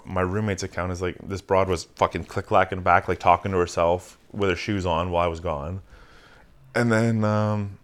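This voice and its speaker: A man's voice: low voice, steady tone, moderate pace. A Canadian man hosting a casual podcast, retelling a story with lots of swearing and quoted voices. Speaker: podcast host.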